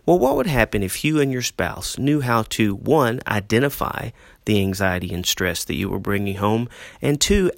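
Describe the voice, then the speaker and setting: A middle-aged man with a low, gravelly voice speaks as a pastor hosting his own podcast. He talks earnestly, repeats his key questions and often pauses on "uh". The sound is close and dry, with no room around it. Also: no room sound. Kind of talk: solo podcast talk on marriage.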